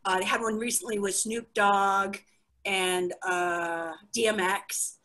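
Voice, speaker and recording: A young woman from the United States doing a chatty, self-mocking stand-up set over a video call. She acts out the friends she quotes in high, excited voices. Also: takes it slowly, poor audio. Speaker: stand-up comic.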